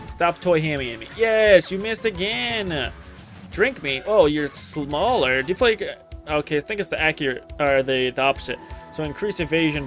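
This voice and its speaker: A man streaming a game for the first time, commenting excitedly and scolding the enemies out loud. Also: sits high. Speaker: gaming streamer. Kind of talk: blind let's-play commentary.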